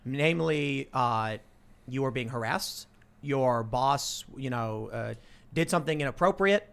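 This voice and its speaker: A man hosting a casual talk show, telling comic stories in an animated way and repeating words as he cuts in. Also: mid-range voice, a little slow, vocal fry, clear, resonant tone. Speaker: podcast host. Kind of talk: casual chat and comic storytelling.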